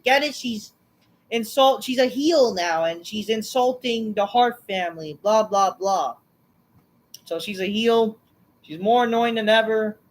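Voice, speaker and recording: Sarcastic woman host, bit high-voiced, curse-heavy rant, dismissive. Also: unhurried, poor audio. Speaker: wrestling show reviewer, channel host. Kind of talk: profane ranting recap.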